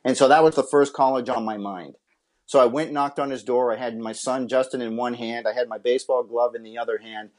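A man from Massachusetts speaks as a podcast guest at an ordinary, mid-range pitch. He tells his life story earnestly and from the heart, in the style of a personal testimony. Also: fairly even intonation, a little fast. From Massachusetts, USA. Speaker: interview guest, former pitcher and scout.

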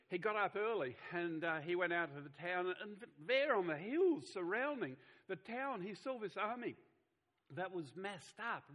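Earnest pastor, slightly higher voice. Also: male voice, fairly bright tone, poor audio. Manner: earnest, conversational, with restarts. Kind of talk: sermon.

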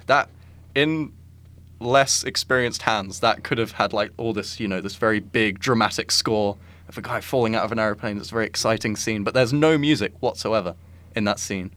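Talking films casually with his podcast co-host, a man with a lowish, slightly bright voice speaks at normal speed. He tends to ramble and fills his speech with "like" and "I think."

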